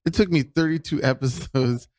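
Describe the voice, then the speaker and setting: A man hosting a casual podcast, tossing in supportive remarks and laughs. His voice sits at a middle pitch. The recording is dry and close. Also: a little mellow, no echo. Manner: supportive, quick affirmations, laughs along.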